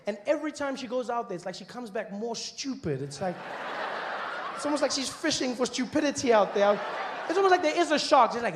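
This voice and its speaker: A man from Africa doing a stand-up comedy set, animated, acting out characters in funny voices and sometimes breaking into shouts. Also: fast talker, a little hiss or hum. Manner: animated, acts out high-pitched characters, bursts into shouting. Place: comedy stage before a laughing audience.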